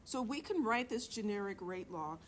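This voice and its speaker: In a classroom lecture, a middle-aged woman teaches chemistry, chatting, joking, and quizzing her students. Her mid-range voice has lively intonation and a moderate pace, with slight background noise.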